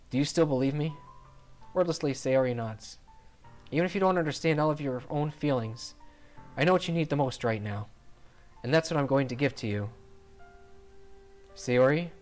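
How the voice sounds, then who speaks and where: A streamer reading a visual novel aloud, narrating the story and speaking the lead's lines in an earnest, steady voice. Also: mid-range voice, normal speed, long pauses, faint music behind.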